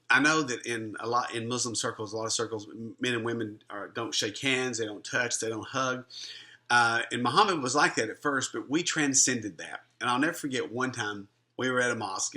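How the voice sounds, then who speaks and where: A middle-aged man tells a personal story about friendship with bright, clear-edged energy. His delivery is earnest and conversational, full of small restarts as he gathers his thoughts. He sounds like a minister sharing a testimony. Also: medium pitch, a little fast. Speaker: Christian minister and life coach.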